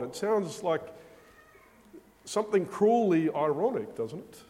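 A man gives a sermon in a large church, and his words ring out with a long reverberant tail. He speaks very slowly and deliberately, with a somewhat high voice. He leans on rhetorical questions and repeated phrases for emphasis. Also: sing-song, mellow. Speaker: preacher.

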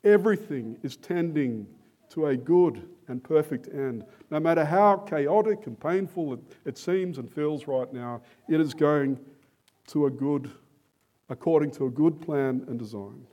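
Slow, emphatic male preacher. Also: fairly high pitch, mellow. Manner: emphatic, rhetorical questions, slow deliberate stresses. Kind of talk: sermon.

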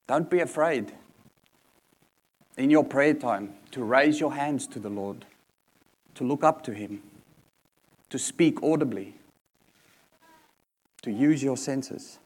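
A man's voice: mid-range voice, slow, pauses often, darkish tone, breathy edge. A man preaching a sermon in an earnest manner, repeating key points for emphasis.

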